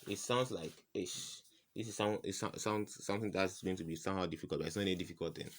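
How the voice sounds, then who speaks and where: A man's voice: sits low, steady tone, fast talker, slight background noise. A man tutoring chemistry in an informal lesson, firing rhetorical "what?" questions at the viewer and repeating each answer. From West Africa.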